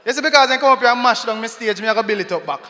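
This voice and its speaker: A man's voice: extremely high pitch, animated, rapid-fire, pushed and bright. A Jamaican man hosting a gala from the stage, playful and laughing, slipping into patois for a comic poem, on a handheld mic in a large echoey hall. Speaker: event emcee. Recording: echoey hall with long reverb.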